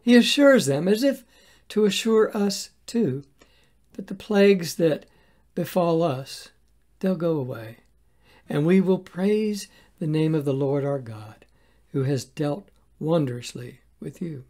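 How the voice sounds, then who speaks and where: A pastor giving a devotional sermon in an earnest, measured way, often asking rhetorical questions. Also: mid-range voice, expressive, darkish tone.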